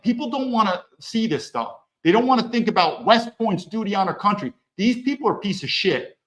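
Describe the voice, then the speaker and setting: A man as a podcast guest telling stories in an animated, blunt and profane way. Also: sits high, rough recording. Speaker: podcast guest, former federal agent. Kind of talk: animated conversational storytelling.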